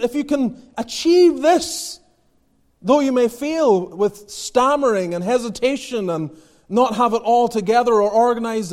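High-voiced earnest male preacher. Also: a little mellow. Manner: earnest, rising to emphatic exhortation, quotes King James scripture. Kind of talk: sermon.

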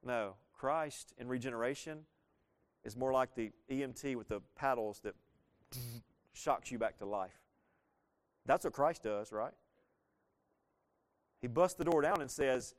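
Earnest pastor preaching with rhetorical questions. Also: male voice, mid-range voice, moderate pace, long pauses, clear, resonant tone. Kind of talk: sermon.

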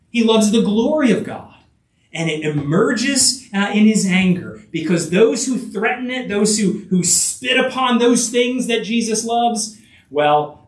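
Earnest high-voiced preacher in an echoey room. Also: male voice. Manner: earnest, many fillers and restarts, rhetorical asides, builds to emphatic peaks. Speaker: pastor. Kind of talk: sermon. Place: church sanctuary. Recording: echoey room, voice picked up from a distance.

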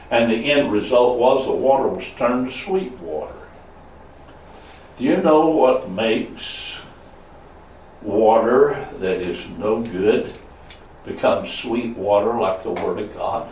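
Male pastor mid-sermon, mid-pitched voice, dramatic swings in volume, captured from across a reverberant room. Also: slow, slight background noise. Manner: preaching with sharp swings between loud high calls and low murmurs. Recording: echoey room, voice from a distance.

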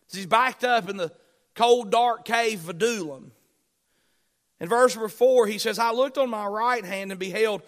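Male pastor, high-pitched voice, dramatic sermon delivery with big swings from loud to hushed. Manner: preaching with swings in volume and pitch, slowing for emphasis.

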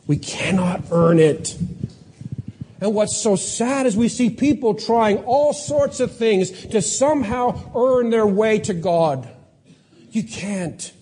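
A man in his forties preaching a sermon, emphatic, building to strong peaks and then dropping low and quiet. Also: animated, slow pace, slight background noise. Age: 40s. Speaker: pastor.

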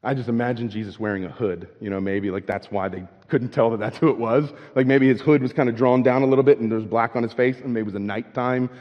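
A man's voice: mid-range voice, fairly even intonation, fast, hardly any pauses. A man preaching a sermon in a conversational way. He keeps checking in with "right?", and he repeats and restarts words as he goes. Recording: dull lo-fi with long hall reverb.

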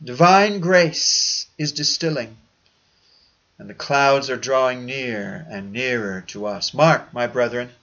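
A man preaching a sermon in a solemn, measured oratorical manner with old-fashioned phrasing. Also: medium pitch, fairly bright tone. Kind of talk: sermon reading. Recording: dull lo-fi recording.

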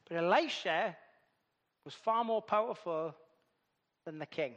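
A man's voice: high voice, unhurried, a bit bright, long reverb tail, lo-fi sound. A man preaching a sermon, telling the story with animation and acting out voices.

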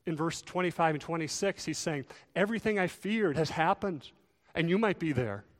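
A man preaching a sermon, earnest, swelling louder and dropping soft to stress his points. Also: medium pitch. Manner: earnest, rises and falls in volume for emphasis. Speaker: pastor. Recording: long reverb of a large hall.

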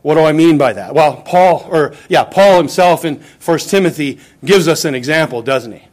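High-voiced man preaching with emphasis. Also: expressive, moderate pace. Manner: emphatic preaching, dramatic quoting of scripture. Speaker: pastor. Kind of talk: sermon.

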